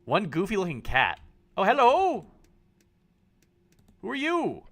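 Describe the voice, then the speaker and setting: A man live-streaming a game, excitable and swearing, joking at himself while reading the on-screen text aloud. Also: high-pitched, slow pace.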